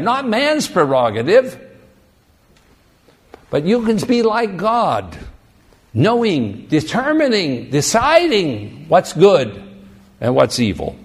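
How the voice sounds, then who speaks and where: Animated male preacher. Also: high voice. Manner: animated, emphatic, asks rhetorical questions. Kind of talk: sermon.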